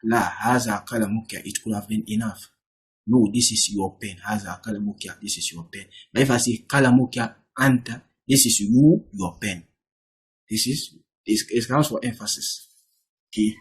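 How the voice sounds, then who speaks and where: A man's voice: fairly low pitch, normal speed, husky. A man teaching an Arabic lesson, who reads example sentences and then translates and explains each one.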